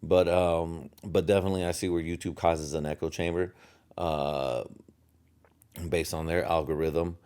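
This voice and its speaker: A man's voice: low voice, fairly even intonation, normal speed, darkish tone, clear, resonant tone. A young American man hosting a solo podcast, rambling from topic to topic with heavy profanity and chuckles at his own jokes. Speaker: podcast host.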